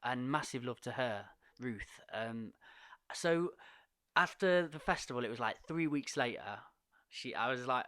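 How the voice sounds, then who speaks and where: Lively, bright-voiced male storyteller. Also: medium pitch, normal speed, dry recording, studio quality. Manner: animated, laughs often while telling a story. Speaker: podcast guest, poet and coach. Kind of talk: casual storytelling.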